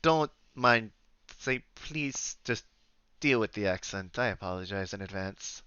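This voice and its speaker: A man's voice: fairly low pitch, expressive, unhurried, sharp tone, clean tone, dry recording, dull audio, voice pushed down. A man voicing an apologetic traveling companion who speaks hesitantly and trails off. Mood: sheepish.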